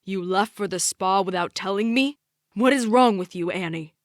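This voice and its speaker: A woman's voice: medium pitch, normal speed, a little mellow, no echo, studio quality, natural voice. A woman reading the lines of a bitter middle-aged father who talks in a harsh, accusing way in an audiobook. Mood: yelling. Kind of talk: audiobook character voice.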